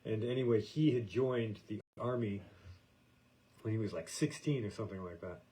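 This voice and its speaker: A low-pitched American man with a dark, mellow voice. He rambles casually through a podcast monologue and stumbles over restarts and fillers as he goes. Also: normal speed, a little hiss or hum, low-quality recording. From United States. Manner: meandering, hesitant, many fillers and restarts. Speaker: podcast host.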